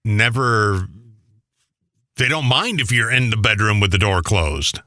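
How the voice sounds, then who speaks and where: Man, co-host, teasing jokes, bright tone, dry close sound. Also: fairly low pitch, expressive, no echo. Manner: teasing, quick jokes, big laughs. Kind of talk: casual chat.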